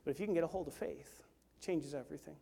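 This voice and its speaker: A man preaching a sermon, swinging from hushed, intimate lines to loud, urgent ones. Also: fairly high pitch, very fast, gravelly, slightly rough, long reverb tail. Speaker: pastor. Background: worship team instruments.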